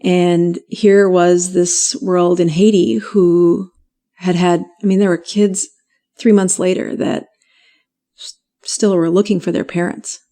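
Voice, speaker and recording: A middle-aged woman physician telling her story in an interview, animated and laughing often as she acts out what people said. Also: on the low side, slow. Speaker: physician guest.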